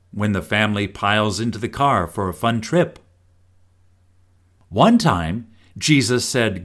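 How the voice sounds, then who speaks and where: A man reading scripture and a family devotional in an expressive storytelling manner. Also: on the low side. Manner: slow, expressive storytelling with voiced quotes.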